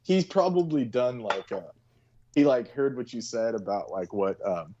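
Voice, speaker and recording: A man's voice: medium pitch, animated, moderate pace, mellow, dull audio. Profane, rambling male co-host. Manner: profane, rambling, filler-heavy. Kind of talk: casual chat.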